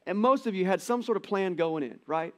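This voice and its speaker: A middle-aged man giving a conversational church sermon, telling the story with animated quoted voices. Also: high-pitched, a little fast. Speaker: pastor. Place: church auditorium.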